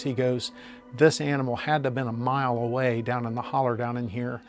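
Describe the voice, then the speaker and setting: A man's voice: medium pitch, level tone, soft background music. Plainspoken man recounting a story. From United States. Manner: plainspoken, halting with many fillers. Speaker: witness. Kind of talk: storytelling interview.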